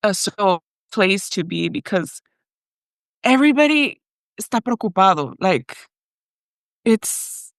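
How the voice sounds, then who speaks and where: A young adult woman from Mexico, a podcast guest telling her own story in a lively way with frequent laughter, dropping Spanish words into her English. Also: medium pitch, slow pace, long pauses, no echo. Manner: animated, laughs often, mixes in Spanish. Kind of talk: storytelling in an interview.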